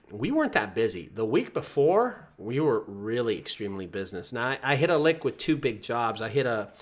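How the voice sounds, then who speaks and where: A man who runs a junk removal business, talking casually to camera and telling stories with acted-out quotes. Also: medium pitch. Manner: animated storyteller, acts out quoted voices.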